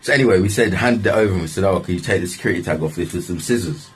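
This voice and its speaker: A young man tells a story in a deep, husky voice. He rambles and swears freely, and keeps padding his lines with "like". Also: very fast. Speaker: vlogger. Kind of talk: casual storytelling.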